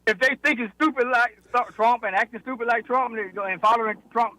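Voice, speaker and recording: A man's voice: very high voice, a little fast, bright, forceful tone, no echo, low-quality recording. A man calling in to a talk show, blunt and teasing, talking in loose casual grammar. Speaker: caller. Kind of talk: casual on-air chat.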